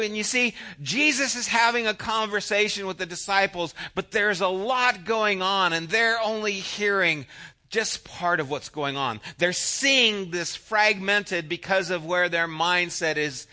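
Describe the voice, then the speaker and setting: Bright-voiced man preaching a sermon. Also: high voice, measured pace. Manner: conversational, anecdotal preaching with voiced asides. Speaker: pastor.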